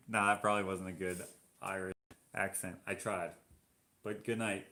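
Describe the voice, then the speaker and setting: A Canadian man with a fairly low voice chats casually on a live stream, reading out viewer comments and reacting to them as he goes. His voice carries the echo of a roomy space. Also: level tone, normal speed, pushed and bright.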